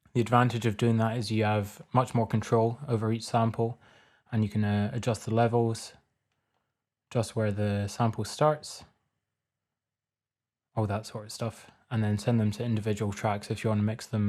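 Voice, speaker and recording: A man casually talking through a music production tutorial step by step in a relaxed, plain way. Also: fairly low pitch. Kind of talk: casual screen-recorded tutorial.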